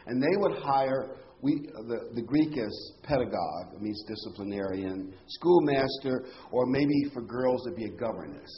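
A man's voice: mid-range voice, lively intonation, moderate pace, few pauses, lo-fi sound, slight background noise. A man preaching a Bible-teaching sermon, explaining scripture with rhetorical questions and emphatic phrases.

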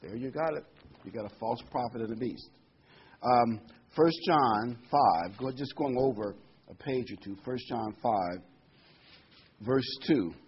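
A man's voice: medium pitch, unhurried, highs cut off, slight background noise. A man preaching a sermon, reading Bible verses aloud and explaining them with folksy asides and a joke.

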